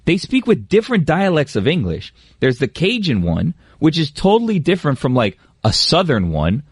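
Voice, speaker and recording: A man's voice: fairly high pitch, wildly swooping pitch, moderate pace, slightly rough, dry recording, clean studio sound. A man chatting casually on a radio show, rambling with lots of fillers and slang.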